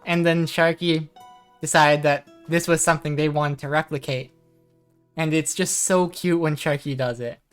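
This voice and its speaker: A woman with a low, soft voice chats her way through a live game stream. She talks loosely and warmly to her chat, reading their messages aloud into a desk microphone. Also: steady tone, normal speed, smooth, faint music behind. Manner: chatty, soft-spoken, reads chat aloud. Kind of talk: casual live gaming chat.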